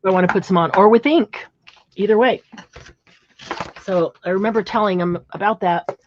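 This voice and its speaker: A woman's voice: medium pitch, moderate pace, dull audio, slight background noise. A woman hosting a craft livestream from a home craft room, chatting casually and admiring her materials as she works. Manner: chatty, admiring, thinks aloud while working.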